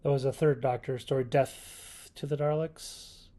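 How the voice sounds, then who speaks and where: On his own video channel, a man with a medium-pitched, steady, dark voice reviews a classic TV serial at a slightly slow pace. The review is casual and rambling, and he often corrects himself and chuckles.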